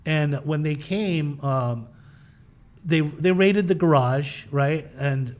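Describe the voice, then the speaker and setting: A middle-aged man candidly telling his own recovery story in an interview, animated and casual, acting out the voices of people in it. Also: on the high side, slow pace. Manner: animated, acts out quoted voices, swears casually.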